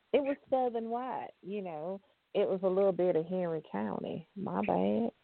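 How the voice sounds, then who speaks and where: A woman's voice: medium pitch, a little slow, creaky, no room sound. A woman co-hosting a casual radio show, playful and laughing through her lines. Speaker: radio co-host. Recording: phone-like lo-fi line.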